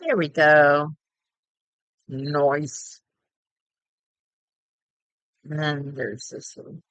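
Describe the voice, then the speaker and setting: A woman's voice: deep voice, fairly even intonation, very slow, a bit bright, no echo, rough recording. A middle-aged woman chatting casually while playing a game, rambling and giggling often. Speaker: gameplay streamer.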